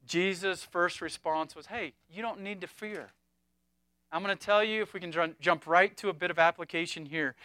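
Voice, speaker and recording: High, bright-voiced preacher with emphatic swings. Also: male voice, smooth, no echo, clean studio sound. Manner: emphatic, swings from loud to hushed. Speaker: pastor. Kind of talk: sermon.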